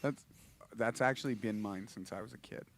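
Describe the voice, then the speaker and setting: A man's voice: fairly low pitch, normal speed, fairly bright tone, a little hiss or hum. A man hosting a casual livestream, rambling and laughing, restarting his sentences often. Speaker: host and musician.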